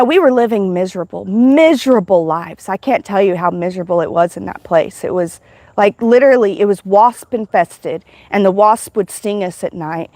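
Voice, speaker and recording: A woman's voice: medium pitch, mellow, no room sound. Emotional woman telling her spiritual testimony. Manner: emotional, rambling storytelling with many restarts. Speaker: livestream host.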